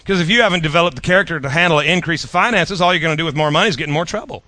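Bright-voiced pastor preaching, dry sound. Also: male voice, on the high side, racing, dry recording. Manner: animated preaching with playful jabs, repeats words. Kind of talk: sermon.

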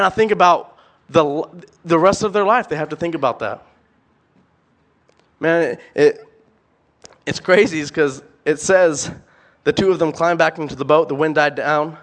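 A young man preaching a sermon, animated and emphatic, firing off rhetorical questions and repeating words. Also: on the high side, normal speed, pauses often.

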